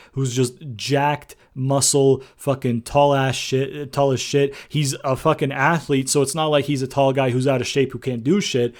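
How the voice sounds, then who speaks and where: A young man recapping and reviewing a wrestling show in a loose, rambling way, swearing freely and filling pauses with "um". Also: mid-range voice. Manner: rambling, profane, frequent fillers. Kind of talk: casual recap and opinion.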